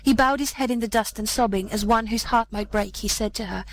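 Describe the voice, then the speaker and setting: Brief: a woman storyteller, measured, slightly high, reading a classic fairy tale. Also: poor audio. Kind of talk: fairy tale read aloud.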